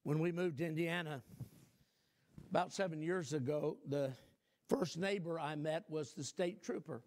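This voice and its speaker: An older man preaching a sermon, telling a folksy personal story and rising to shouted emphasis. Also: a little high, normal speed.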